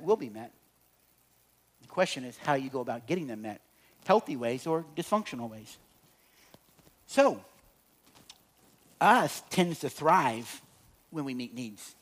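A middle-aged man speaking to an audience about relationships, telling humorous stories and swinging between loud and quiet. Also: mid-range voice, lively intonation, normal speed, pauses often. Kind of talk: humorous storytelling talk to an audience.

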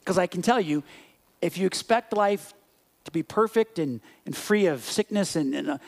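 High-voiced animated male preacher. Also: moderate pace, gravelly. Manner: animated, acts out scenes and dialogue; drops to soft quiet reflection. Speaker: pastor. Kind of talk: sermon.

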